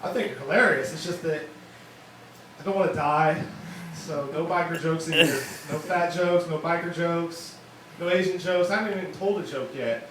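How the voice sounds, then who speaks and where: Young male comic, slightly high voice, rambling delivery, echoey bar room. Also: normal speed. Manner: rambling, self-deprecating, lots of fillers. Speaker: open mic comedian. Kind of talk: stand-up comedy set. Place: wine bar open mic. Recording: echoey room, distant mic, bar noise.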